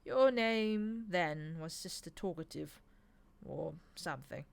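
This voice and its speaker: Snappish, sly male demon in a storybook reading, a woman doing the voice, a touch louder than her narration. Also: lowish voice, lively intonation, slow, gravelly, heavily acted. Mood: sardonic. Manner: snappish, sardonic. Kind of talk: audiobook reading.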